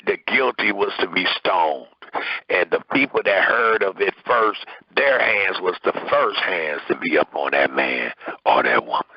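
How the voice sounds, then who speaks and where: With a slightly rough voice, a man reads scripture during a sermon, pressing hard on his words in an emphatic, rise-and-fall preaching style. It's a dry, lo-fi recording.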